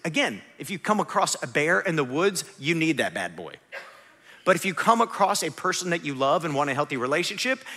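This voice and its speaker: A pastor in his forties preaching a conversational sermon, asking rhetorical questions and swinging from hushed to emphatic. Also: sits high. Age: 40s. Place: church sanctuary. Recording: long reverb of a large hall.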